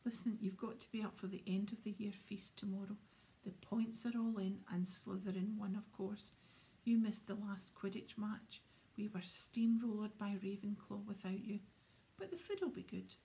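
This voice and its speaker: A woman's voice: medium pitch, moderate pace, few pauses, warm tone, lightly acted. A woman voicing a chatty, loyal young boy with proud speech in a storybook reading.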